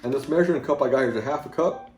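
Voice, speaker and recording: A plain-spoken Southern man hosts his own home cooking video, rambling in a folksy way while mixing ingredients in a casual demonstration. His ordinary mid-pitched voice moves quickly with a somewhat dark tone. The kitchen is echoey, with faint music beneath.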